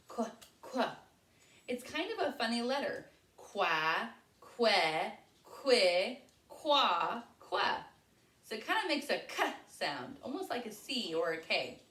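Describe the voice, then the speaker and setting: Slow, sing-song preschool teacher woman. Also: medium pitch, fairly bright tone, far from the mic, slight background noise. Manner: slow, clear, encouraging sing-song delivery. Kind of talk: circle time lesson for young children. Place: home. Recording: echoey room.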